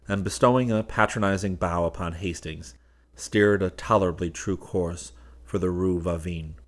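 A man narrating a classic story as an audiobook, with a measured, expressive reading. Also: sits low.

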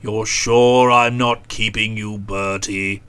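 A woman putting on a gruff, curt young gentleman. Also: rumbling low, fairly even intonation, slow, voice pushed down, heavily acted. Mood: guarded. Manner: curt, guarded one-word replies. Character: gruff, touchy young Englishman, secretly engaged. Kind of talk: audiobook character voice.

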